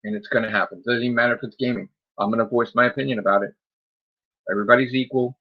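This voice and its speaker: A man's voice: medium pitch, steady tone, very fast, breathy edge, muffled recording. A man hosting a gaming podcast, ranting defiantly and sarcastically, firing off rhetorical questions. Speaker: podcast host. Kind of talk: solo rant on a gaming podcast.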